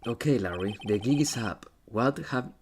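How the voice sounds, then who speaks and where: A man's voice: medium pitch, expressive, moderate pace, noisy background, pitched below the performer's own voice, natural voice. A man voicing a cool, stern male prosecutor who speaks curtly and scolds, with game music behind.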